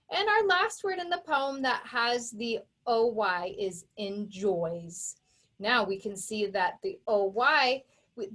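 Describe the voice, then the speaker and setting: A woman teacher with a slightly high, fairly bright voice gives a recorded phonics lesson to children. She patiently and deliberately enunciates each sound and walks the young pupils through every step.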